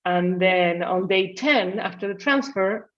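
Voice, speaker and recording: A woman's voice: medium pitch, a little slow. A woman in her forties, a physician guest, telling her story in a casual interview and acting out her own past lines. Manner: animated, acts out her own past dialogue. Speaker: guest, family medicine physician. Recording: slightly muffled audio.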